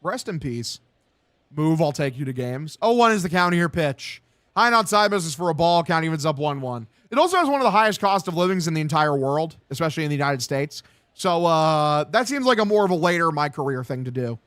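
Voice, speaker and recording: A man's voice: on the high side, lively intonation, fairly quick, fairly bright tone, no echo, clean studio sound. A young man streaming casual play-by-play of a baseball game, chatting and reading viewer comments with a casual, profane manner. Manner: casual, profane, reads chat aloud.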